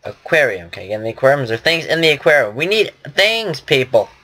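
Fast and sing-song, this man's medium-pitched voice sounds pushed and bright. He's a gaming commentator at his home computer, rambling loosely and cracking self-deprecating jokes.

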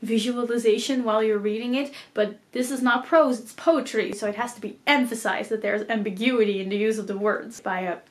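A woman's voice: on the high side, steady tone, fairly quick, few pauses. A woman casually vlogging about reading, chatty and self-deprecating, often laughing at her own confusion. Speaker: book vlogger.

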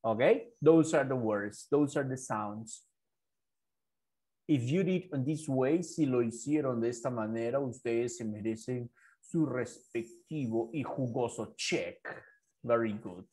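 A man's voice: mid-range voice, unhurried, mellow. A man whose first language is Spanish, teaching English to a child over a video call, patiently repeating and drilling words. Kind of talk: online English lesson for a child.

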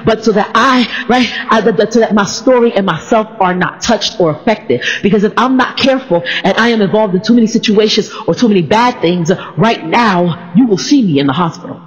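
A man's voice: high voice, a little fast, few pauses, long reverb tail, lo-fi sound. A man giving an informal church talk, rambling and laughing as he tells stories. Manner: lively, laughing, rambling storyteller.

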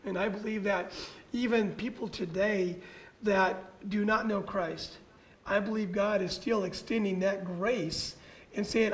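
A man's voice: sits high, a little slow, a bit bright, low-quality recording. A man, a pastor, sharing church teaching in an earnest, conversational way and often saying "you know".

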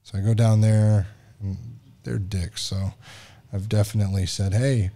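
A man's voice: on the low side, little pitch movement, moderate pace, warm tone. A man hosting a podcast, casually telling a story in a frustrated, profane way and acting out the dialogue. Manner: frustrated, profane, quotes other people in dialogue. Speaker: podcast host.

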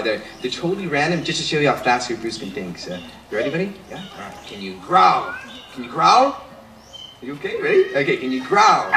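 A bird show trainer giving playful live patter to an audience, laughing often and firing off quick commands. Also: mid-range voice. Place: outdoor bird show amphitheater. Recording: distant mic, echo, loud crowd and noise.

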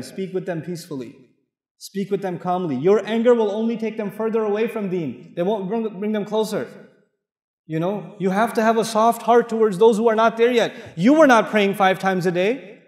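A man giving an animated sermon, asking the audience rhetorical questions and reciting Arabic verses. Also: sits high, moderate pace. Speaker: Islamic lecturer. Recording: echoey hall with long reverb.

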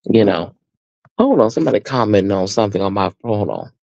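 A man's voice: fairly low pitch, animated, fairly quick, creaky, darkish tone, dry recording, muffled recording. A man with an American accent hosting a casual live stream, chatting sassily with his viewers and calling them honey and baby. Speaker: host.

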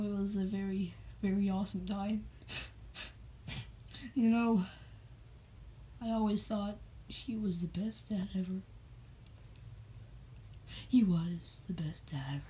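A woman plays a heartbroken young man who stammers through a eulogy for his father, crying softly and tripping over his words. He talks slowly and hushes to a near whisper, in a homemade puppet show with a faint hiss behind. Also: medium pitch, natural voice, poor audio. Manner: halting, stammering, soft and tearful.

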